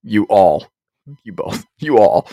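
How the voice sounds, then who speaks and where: A man's voice: on the low side, sing-song, slow pace, dark tone, no echo, clean studio sound. A man hosting a casual podcast, joking crudely and laughing often. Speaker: podcast host.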